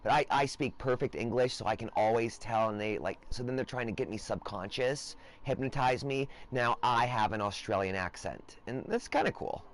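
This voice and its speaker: A man talking in a rambling, erratic casual monologue as a streamer, breaking into loud profane outbursts. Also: medium pitch, moderate pace, hardly any pauses.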